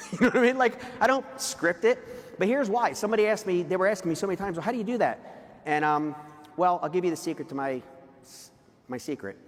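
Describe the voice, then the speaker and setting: High-voiced New man preaching in a hall. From New Jersey. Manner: emphatic and confessional, often rising to shouts. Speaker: motivational speaker. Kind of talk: live stage talk to an audience. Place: large event hall, on stage. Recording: long reverb of a large event hall.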